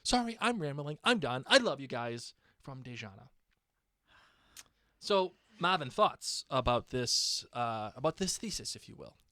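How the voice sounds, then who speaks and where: Male podcast co-host, lively casual chatter, close dry mic. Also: mid-range voice, a little slow, dry recording. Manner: animated, reads listener emails aloud. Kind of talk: casual chat.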